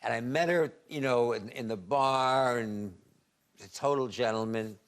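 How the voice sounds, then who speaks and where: A man in his seventies, a talk show guest, telling anecdotes in a halting way, repeating words and laughing at his own stories. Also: medium pitch, clean tone. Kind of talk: anecdotal storytelling. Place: TV studio.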